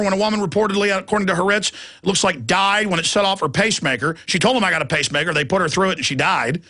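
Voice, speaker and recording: A man's voice: high-pitched, fast, pushed and bright. A man hosting a live talk radio show, delivering an impassioned, mocking monologue. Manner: impassioned, mocking, mimics opponents' laughter.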